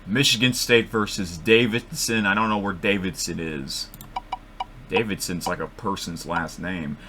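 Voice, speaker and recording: Slow-talking man with a bright voice. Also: low-pitched, a little hiss or hum. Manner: rambling, self-correcting, sudden excited outbursts. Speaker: vlogger making bracket picks. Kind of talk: casual thinking-aloud commentary. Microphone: computer microphone.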